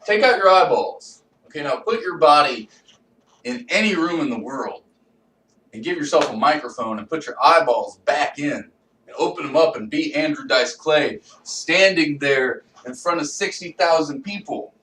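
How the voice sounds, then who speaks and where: A man's voice: a little high, animated, moderate pace, fairly bright tone. A man delivering a profane, rambling comedic monologue and talking to himself. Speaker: vlogger. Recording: roomy echo, distant from mic.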